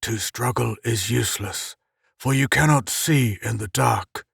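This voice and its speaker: A man reading an audiobook, voicing a cold, menacing inhuman male captor with a rasping, guttural drawl, spoken low and hushed. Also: a little slow, no echo, clean studio sound, exaggerated voice.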